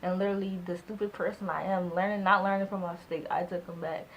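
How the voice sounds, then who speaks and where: A woman in her twenties telling a storytime vlog in a casual, animated way, acting out both sides of conversations and filling her speech with "like". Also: lowish voice, quick pace, lo-fi sound, slight background noise. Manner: heavy use of "like" as filler. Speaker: vlogger.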